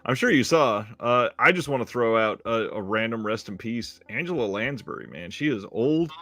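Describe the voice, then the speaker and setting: A man's voice: medium pitch, expressive, fairly bright tone, no echo. Easygoing podcast co-host man, dry sound. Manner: easygoing, laughs often, halting with fillers. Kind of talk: casual chat.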